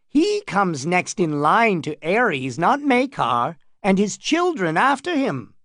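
A man doing a mild, measured knight. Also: high-pitched, wildly swooping pitch, a bit bright, no room sound, clean studio sound, voice pushed up, heavily acted. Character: mild, reasoned middle-aged knight. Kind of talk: audiobook reading.

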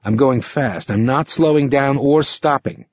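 A man's voice: medium pitch, a little slow, no echo. A man voicing a grim, exhausted male driver who answers in short, muttered lines. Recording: slightly muffled recording.

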